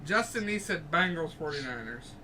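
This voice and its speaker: A man's voice: on the high side, animated, normal speed, sharp tone. A man with a Pittsburgh accent on a sports podcast, reading out comments in a wry, offhand way. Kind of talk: casual sports chat. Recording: distant mic with faint background noise.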